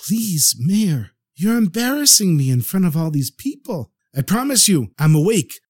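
A man's voice: high voice, sing-song, normal speed, darkish tone, pitched above the performer's own voice. A man doing a sheepish, pleading drunk. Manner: pleading, apologetic. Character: sheepish drunk poor water carrier.

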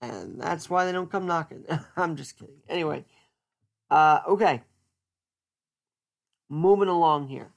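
A man's voice: fairly high pitch, animated, measured pace, vocal fry, pauses often. A man hosting a podcast, chatting casually and joking as he thinks aloud, often restarting his words. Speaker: podcast host. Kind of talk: casual solo podcast chat.

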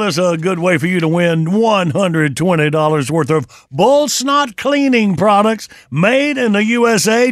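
A man's voice: sits high, dry recording, clean studio sound. Folksy male morning radio host. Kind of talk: casual morning radio banter.

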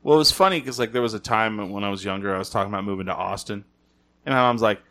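A young man from New Mexico, chatting casually as a podcast co-host and telling animated stories with mimicked voices. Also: on the low side, very fast. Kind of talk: casual chat.

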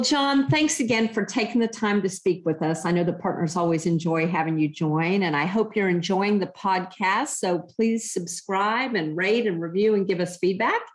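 A woman hosting a podcast interview, enthusiastic and polished. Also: medium pitch. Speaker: podcast host.

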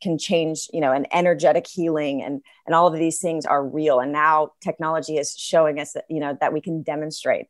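Woman guest, very low voice, earnest and explanatory, close dry recording. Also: steady tone, brisk, hardly any pauses, dry recording. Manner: earnest, explanatory, builds ideas in lists. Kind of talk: casual interview chat.

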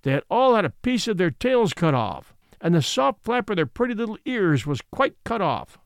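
A man reading the part of a fiery yet gentle old male horse in a storybook, speaking indignantly and moralizing. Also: high voice, big pitch swings, moderate pace, gravelly, no echo, clean studio sound, heavily acted.

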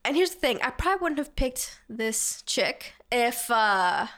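A woman's voice: on the high side, big pitch swings, measured pace, a bit bright. A young woman co-hosting a podcast in casual chat, talking loosely with many fillers and laughs. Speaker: podcast co-host.

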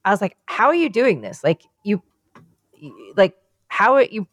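A woman co-hosting a podcast, talking in loose, excitable rambles and swearing freely. Her voice sits at a middling pitch. The sound is dry and close, with no room echo. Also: moderate pace. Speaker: podcast co-host. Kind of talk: casual chat.

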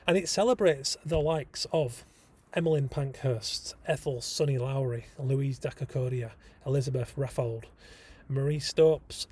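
A man's voice: medium pitch, dark tone, breathy edge. A man hosting a casual solo podcast, talking enthusiastically with frequent ums and rambling asides. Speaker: podcast host.

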